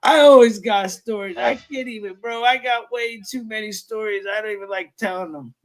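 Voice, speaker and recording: Young man, high voice, casual stream host, profane, rambling. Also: normal speed. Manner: loose, profane storytelling with lots of fillers. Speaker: livestream host. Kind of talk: casual late-night stream chat.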